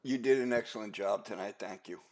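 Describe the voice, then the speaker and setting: A man's voice: lowish voice, a little fast, crowd noise. A man leading a gaming group, speaking briefly and in a friendly way over online voice chat. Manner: friendly, brief, wraps things up. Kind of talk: casual voice chat.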